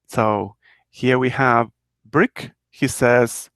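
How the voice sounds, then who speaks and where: A man from Argentina leads a live online Spanish class at an unhurried pace. He explains patiently and says each example phrase twice. His voice sits in a middle pitch and is recorded dry and close. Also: fairly bright tone, no echo. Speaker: Spanish teacher. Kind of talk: live online language lesson.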